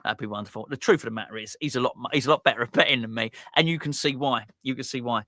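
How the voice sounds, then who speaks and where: A man's voice: medium pitch, very fast, pushed and bright, no room sound, clean studio sound. A man hosting a casual fan watch-along stream, rambling and restarting his sentences, laughing at his own jokes. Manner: rambling, self-interrupting, laughs at himself. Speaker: fan channel host.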